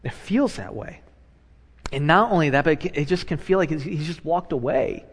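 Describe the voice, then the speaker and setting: A man, a pastor, preaching a sermon in a conversational way, moving between hushed and loud animated passages and repeating phrases for emphasis. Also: a little high, normal speed, slightly rough, long reverb tail.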